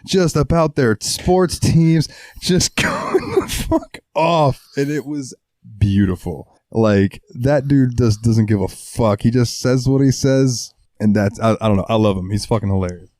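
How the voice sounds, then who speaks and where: A young man co-hosting a podcast in casual chat, his voice strained, clearing his throat often and swearing freely. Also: mid-range voice, lively intonation, unhurried, a little mellow, no room sound. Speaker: podcast co-host.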